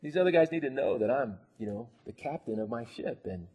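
A man's voice: mid-range voice, animated, a little fast, dark tone, slightly rough. A man preaching a conversational sermon, acting out the quoted voices and laughing now and then.

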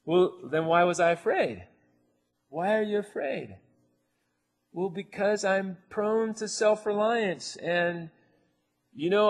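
A man's voice: on the high side, breathy edge. A man preaching a conversational sermon, acting out the quoted voices and laughing now and then.

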